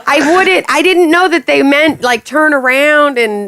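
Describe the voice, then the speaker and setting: A woman singer being interviewed, playful and quick to laugh as she tells stories from her tours. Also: sits high, expressive, fairly bright tone. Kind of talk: casual interview chat.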